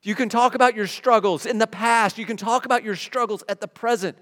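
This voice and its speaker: A middle-aged pastor with a high-pitched voice preaches a sermon. He talks conversationally to his congregation, then builds into emphatic declarations. The sound carries a long reverb tail from the church hall. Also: fairly quick, hardly any pauses, a bit bright. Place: church sanctuary.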